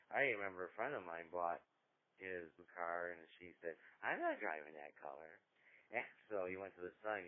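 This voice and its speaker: A man's voice: on the low side, dry recording. An older man running a ham radio net, reminiscing in a folksy, casual way. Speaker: net control. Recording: tinny dry radio transmission.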